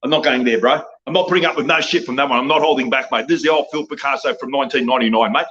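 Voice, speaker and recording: A man's voice: medium pitch, racing, muffled recording. A drunk middle-aged man with an Australian accent, a wrestler guest ranting loosely on a podcast, saying mate and bro constantly. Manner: loud, excitable, rambling, says mate and bro constantly. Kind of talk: rambling podcast rant.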